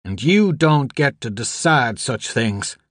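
A man's voice: medium pitch, big pitch swings, takes it slowly, a bit bright, dry recording, clean studio sound, exaggerated voice. A man reading an audiobook, voicing an angry grown man who speaks in clipped, seething demands.

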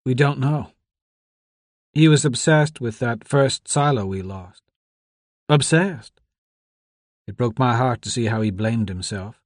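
A man reading aloud who voices a tearful young woman grieving a mentor, speaking softly with a lifted pitch. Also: animated, slow, long pauses, no room sound, clean studio sound.

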